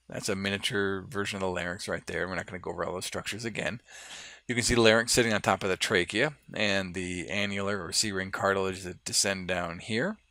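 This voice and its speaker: A man teaching anatomy, walking through lab models in a relaxed, explanatory way with fillers and restarts. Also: lowish voice, no echo, studio quality. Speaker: anatomy instructor. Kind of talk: lab model walkthrough lecture.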